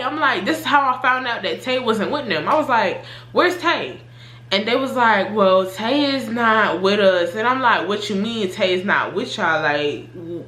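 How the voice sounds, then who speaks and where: Chatty young woman with a bright voice. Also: echoey room. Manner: animated retelling, voices her own past reactions with rising pitch. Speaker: storytime vlogger. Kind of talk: casual storytelling.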